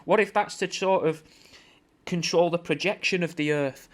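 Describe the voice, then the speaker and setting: Guy going off on a mock conspiracy ramble, keeps saying mate, voice a bit on the high side. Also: moderate pace. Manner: mock-conspiratorial ranting, sweary, addresses listener as mate. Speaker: podcast host. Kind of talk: comedic rambling monologue.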